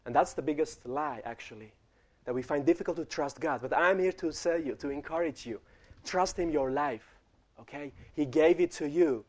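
Young male preacher, high tenor, chatty sermon storytelling that speaks straight to the room. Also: normal speed, a little mellow. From refugee childhood in the Netherlands. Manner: storytelling, addresses the congregation directly.

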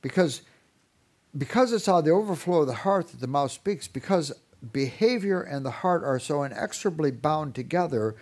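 Husky man giving an animated talk on parenting. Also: fairly high pitch, normal speed. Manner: animated storyteller, mimics parents and kids. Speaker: Christian parenting speaker. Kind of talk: sermon-style talk with acted parent voices.

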